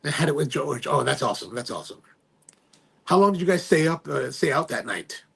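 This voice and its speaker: A man's voice: a little high, lively intonation, brisk, creaky, fairly bright tone, breathy edge. A man hosting a live stream in casual chat, reading viewer comments aloud and rambling, often trailing off and restarting. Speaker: livestream host.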